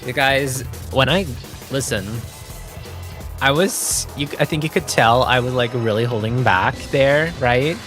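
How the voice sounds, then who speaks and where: A young man chats casually as he streams a video game, open about his feelings and swearing freely. He speaks slowly at a medium pitch. Game music plays behind his voice. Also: a bit bright. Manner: chatty, emotional, swears casually. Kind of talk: casual gameplay chat.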